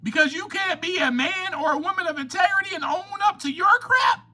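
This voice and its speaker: A man hosting a recovery podcast, delivering an impassioned, preachy monologue that rises to near-shouts. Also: extremely high pitch, fairly quick. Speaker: podcast host.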